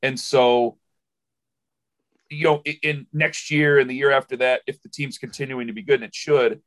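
A man's voice: mid-range voice, fairly even intonation, moderate pace, a bit bright. A man who hosts a sports radio show, talking casually in a podcast conversation, telling emotional stories that ramble with many restarts.

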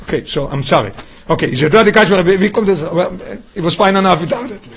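A man's voice: sits high, lively intonation, quick pace, a bit bright. A man teaching a Torah study class, often asking the students questions and restarting his phrases.

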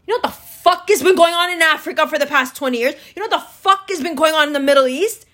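A woman delivering an angry, profane political rant, switching between slow emphatic lecturing and sarcastic outbursts. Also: high voice, sharp tone. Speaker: commentator.

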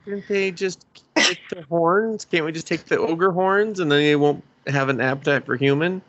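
A man's voice: on the high side, moderate pace, a bit bright, highs cut off, a little hiss or hum. A man co-hosting a casual podcast, cracking sarcastic, swearing jokes and riffing in silly voices. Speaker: podcast co-host. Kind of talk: casual joking banter.

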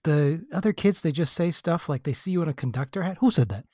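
A man's voice: on the high side, fast talker, darkish tone, dry recording, close to an everyday voice. A man voicing a little boy who teasingly grills his dad with mock accusations.

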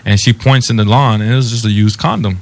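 A man's voice: fairly low pitch, fast talker, gravelly, slight background noise. A man hosting a casual podcast chat, telling stories in a laid-back way and laughing along. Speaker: podcast host.

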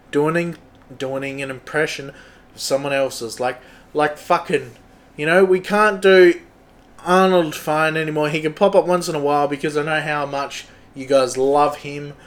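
A young adult Australian man hosting a solo podcast, thinking aloud in a halting, muttering way with a lot of swearing. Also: fairly high pitch, a bit bright. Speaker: podcast host. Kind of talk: casual solo podcast chat.

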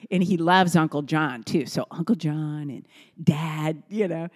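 A middle-aged woman talks through family stories at a kitchen table, her voice sitting a little low. she chats easily and jumps up high whenever she quotes someone. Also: measured pace. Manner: warm, chatty storyteller who acts out quotes in a high voice. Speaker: host. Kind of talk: casual storytelling.

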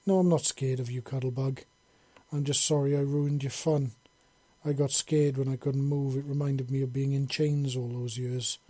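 A man's voice: medium pitch, flat delivery, moderate pace, warm tone, close to an everyday voice. A man voicing a remorseful young man who apologizes and reproaches himself.

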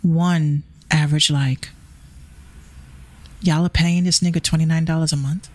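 A show host with a Bronx New York accent rants on her commentary vlog, her low-pitched, darkish voice steady and a little slow. She comes across as heated, confrontational, and profane.

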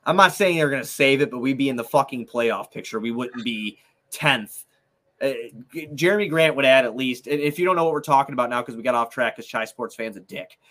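A man's voice: mid-range voice, a little fast, fairly bright tone. A man co-hosting a sports podcast, ranting heatedly and swearing a lot. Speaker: podcast co-host. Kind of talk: casual sports podcast banter.

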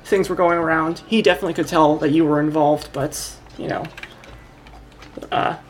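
A woman's voice: sits low, fairly even intonation, moderate pace, slight background noise. A woman narrating a tabletop game as game master, rambling and correcting herself as she goes.

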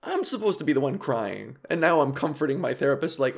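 A man's voice: medium pitch, big pitch swings, fairly quick, creaky. Solo comedy podcast host, man in his 30s, confessional and self-mocking, stumbling through restarts, still raw from crying. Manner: self-deprecating, rambling, with frequent restarts. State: emotional, recently cried.

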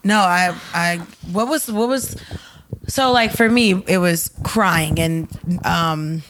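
A woman's voice: fairly low pitch, slow pace, background noise. A woman co-hosting a podcast in casual chat, talking reflectively and hesitantly with many fillers while she asks questions. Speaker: podcast co-host.

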